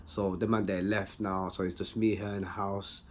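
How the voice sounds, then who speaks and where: A young man with a London accent telling a personal story in a slangy, animated way, full of tag questions. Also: sits low, normal speed, a little hiss or hum. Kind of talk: casual anecdote.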